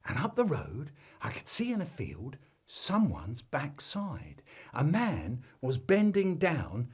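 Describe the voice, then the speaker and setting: Male storyteller. Husky, lively pitch, deadpan comic delivery. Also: slow pace. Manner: dramatic swings between deadpan and loud.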